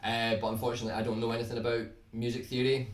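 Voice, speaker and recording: A young Scottish man with a toned-down accent, chatting casually to viewers on his guitar livestream in a relaxed, rambling way, often restarting his words. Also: medium pitch, very fast, recorded from a distance. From Scotland. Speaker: guitar YouTuber hosting a livestream. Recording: roomy sound from off the mic, faint background hiss.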